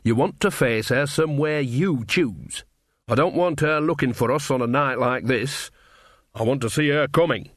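A man voicing a jolly but bossy old witch woman in a storybook reading, homely and quick to scold. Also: medium pitch, no room sound, clean studio sound, close to an everyday voice. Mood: brisk.

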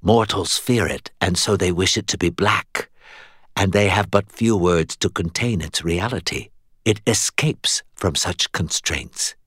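A man voicing a cold, ancient female fae queen who speaks in a slow, measured hiss. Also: deep voice, fairly bright tone, breathy edge, no echo, studio quality, full character voice. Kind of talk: audiobook character voice.

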